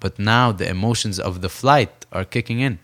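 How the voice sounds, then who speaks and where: A young man from Saudi Arabia speaks in a fairly low voice, earnest and reflective. He is a professional boxer being interviewed, and he often repeats a phrase to drive it home. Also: normal speed, a bit bright.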